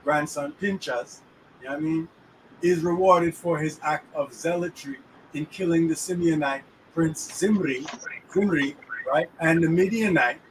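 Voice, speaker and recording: A man's voice: fairly high pitch, a little slow. Slang-heavy man teaching from a car. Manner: street slang, keeps asking if you follow him. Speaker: host explaining the weekly Torah portion. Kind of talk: casual teaching chat. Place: inside a moving car. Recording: distant mic in a car with faint road noise.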